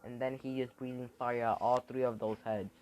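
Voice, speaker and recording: Improvising fan fiction, a man talks briskly in a level, medium-pitched voice with a darkish tone. He keeps restarting and saying um as he rambles. The sound is dull and lo-fi.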